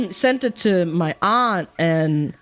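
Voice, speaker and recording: A woman's voice: on the low side, lively intonation, extremely slow, fairly bright tone, faint music behind. Foul-mouthed woman rambling on stream. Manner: rambling, swears a lot, many fillers. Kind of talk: casual stream chat.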